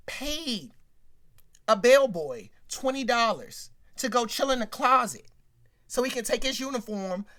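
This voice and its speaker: A woman hosting a casual commentary rant, animated and slangy, talking straight to her viewers. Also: high voice. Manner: animated, slangy, keeps addressing the audience. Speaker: show host.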